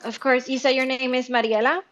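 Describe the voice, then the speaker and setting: A woman from Venezuela hosting a casual audio chat, speaking emotionally with halting restarts. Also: sits high, flat delivery, a bit bright. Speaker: host. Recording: dull lo-fi audio.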